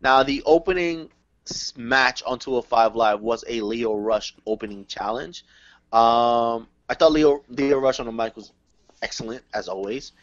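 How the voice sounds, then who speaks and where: A man hosting a casual wrestling review podcast, excitable and quick to swear and laugh. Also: mid-range voice, dull audio. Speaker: podcast host.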